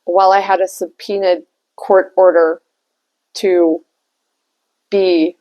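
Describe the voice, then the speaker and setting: A woman's voice: on the low side, little pitch movement, takes it slowly, mellow. A woman telling a personal story in a candid, chatty way, swearing freely and laughing often. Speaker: tarot reader and vlogger. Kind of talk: casual storytelling.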